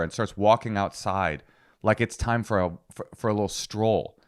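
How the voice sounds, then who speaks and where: A man's voice: fairly low pitch, moderate pace. A man co-hosting a comedy podcast, telling a story with acted-out quotes in casual chat. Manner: animated storytelling, acts out quotes loudly. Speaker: podcast co-host.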